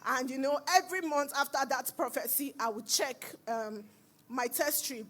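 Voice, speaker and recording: A high-voiced woman with a Nigerian accent gives a testimony at a church service. She tells her story with lively storytelling energy and acts out the voices of the people she quotes. Her delivery stays personal and conversational, not preached. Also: normal speed. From Nigeria, Edo. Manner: animated storytelling, acting out dialogue. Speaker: church member giving testimony.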